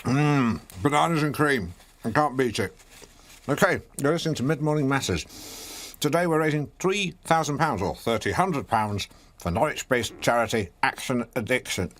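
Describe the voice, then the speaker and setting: A man's voice: medium pitch, moderate pace, a bit bright, lightly acted. An actor playing a pompous, awkward middle-aged local radio host who fumbles, restarts and corrects himself as he chats on air. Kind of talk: comedy radio show banter.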